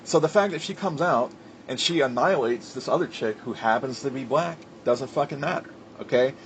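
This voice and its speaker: A man in the middle of an angry wrestling rant, swearing hard and pounding his points home. His voice sits in a middle pitch, and he fills gaps with "like" and "you know" and restarts his sentences. Faint ambient noise hums behind him. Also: brisk. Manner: profane, heated and emphatic; filler-heavy with restarts. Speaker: wrestling commentator. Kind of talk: ranting commentary.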